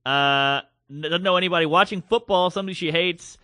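Man, podcast co-host, casual wry banter, bright tone, dry close-miked sound. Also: high voice, no echo. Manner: wry, quick reactive quips. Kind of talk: casual chat.

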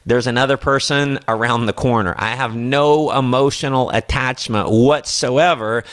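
A man's voice: mid-range voice, fairly even intonation, normal speed. A man giving a motivational sales training talk, confidently acting out his prospecting lines. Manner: confident, acts out sales dialogue in a brighter voice. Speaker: network marketing trainer.

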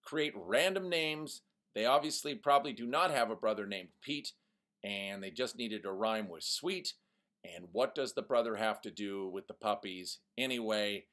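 A man teaching a poetry lesson to young students, animated and mock-ironic, reading example lines in a sing-song voice. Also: on the low side, normal speed.

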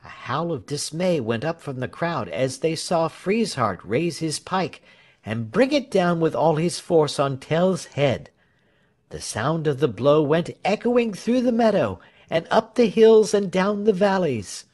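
A man reading a storybook aloud as narrator. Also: fairly high pitch. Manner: slow, lively storytelling with shifting character voices. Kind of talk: storybook reading with acted voices.

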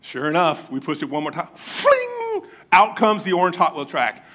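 In a church, a Florida man serving as pastor preaches a sermon, his voice a little high and his speed normal. He spins jokey stories from his childhood with plenty of energy, an animated, joking storyteller.

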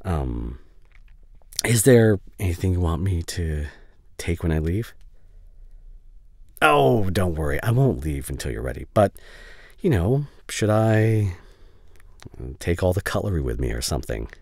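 A man voicing a caring young male best friend in a whispered role-play, speaking softly and haltingly with emotional reassurance. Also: low-pitched, big pitch swings, vocal fry, no room sound, clean studio sound, exaggerated voice. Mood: gentle. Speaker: ASMR voice actor. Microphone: studio condenser mic.

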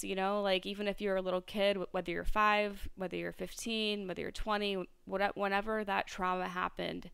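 Smooth-voiced woman podcaster, reflective. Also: mid-range voice, flat delivery, fairly quick, hardly any pauses, a bit bright, no room sound. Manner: reflective, rambling, many fillers and restarts. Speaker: podcast host. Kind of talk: solo podcast monologue.

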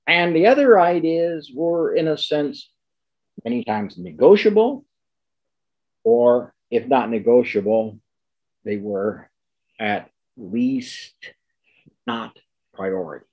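An older man giving an academic lecture, emphatic, repeating key words and slowing down to stress them. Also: on the low side, slightly rough, highs cut off.

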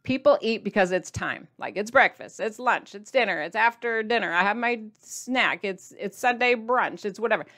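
Woman vlogger, chatty, playful, mid-pitched voice, talking to camera. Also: normal speed, few pauses, fairly bright tone. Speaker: diet vlogger addressing viewers. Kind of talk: casual to-camera vlog.

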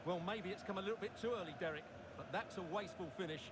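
A man with a somewhat raised voice talks quickly through football tactics as co-commentator. Game noise is clearly audible behind him. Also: high voice. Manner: measured tactical explanation. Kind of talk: football analysis.

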